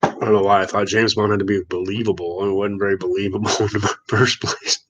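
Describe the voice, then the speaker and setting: Casual livestream host, man from Missouri, slightly low voice, easygoing and rambling. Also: level tone, fast talker, a bit bright, low-quality recording. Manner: laid-back, rambling, chuckles often. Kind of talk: casual live chat with viewers.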